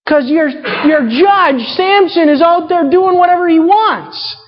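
A woman's voice: very high-pitched, unhurried, slight background noise. A woman preaching a sermon, reading scripture and retelling characters in casual paraphrase. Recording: muffled sound in a reverberant hall.

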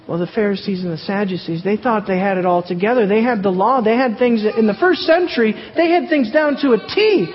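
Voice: medium pitch, fairly quick, hardly any pauses. A Bible teacher working verse by verse, reading passages aloud and then asking rhetorical questions and answering them. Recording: dull, echoey hall recording.

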